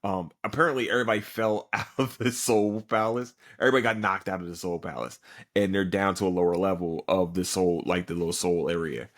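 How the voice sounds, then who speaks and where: Tired man rambling through an anime recap. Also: lowish voice. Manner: rambling and profane, many fillers. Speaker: podcast host. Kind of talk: casual anime episode recap.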